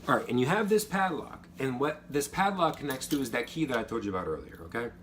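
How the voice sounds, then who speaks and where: A young man telling stories and giving casual advice about basic training, acting out the instructors' yelling. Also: mid-range voice, fast talker, a little hiss or hum. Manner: animated, acts out drill instructors' yells. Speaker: vlogger, former Air Force trainee.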